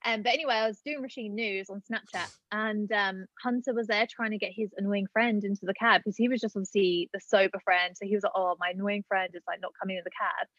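A woman's voice: mid-range voice, fairly even intonation, fast, hardly any pauses, fairly bright tone, no echo. A young woman from Britain, a podcast guest telling a story in casual chat, full of "like" and "um". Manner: chatty, filler-heavy with many "like" and "um". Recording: dull lo-fi dry sound.

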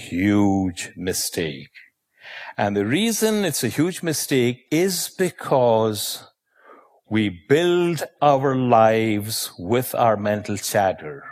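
Give me a man telling a stage audience stories, with slow, deliberate emphasis and pauses. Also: mid-range voice. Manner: asks the audience questions. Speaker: motivational speaker. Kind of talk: motivational talk with storytelling.

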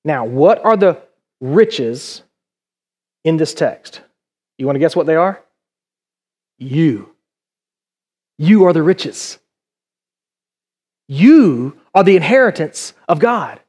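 A man's voice: a little high, big pitch swings, slow pace, long pauses, darkish tone. A middle-aged male pastor preaching a conversational sermon in a church, full of rhetorical questions.

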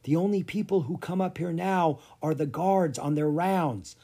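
A reader voicing a young boy prince in a children's audiobook, speaking in hushed whispers. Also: mid-range voice, moderate pace, voice pushed up, natural voice.

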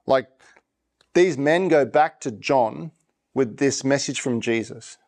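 A man's voice: mid-range voice, slow pace, vocal fry, a little mellow. A male pastor giving a sermon in a conversational preaching manner, often repeating and restarting his phrases.

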